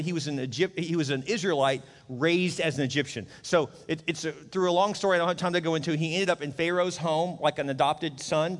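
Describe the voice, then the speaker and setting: A middle-aged pastor preaches in a relaxed, conversational way, slipping into the voices of the people he quotes. His voice sits a little high for a man, and a long reverb from a large hall trails after his words. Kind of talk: sermon.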